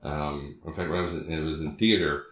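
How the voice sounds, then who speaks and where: A man's voice: extremely low pitch, steady tone, a little fast, reverberant. A man from the Southern United States, co-hosting a podcast in casual chat, rambling and trailing off into fillers. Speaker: podcast co-host.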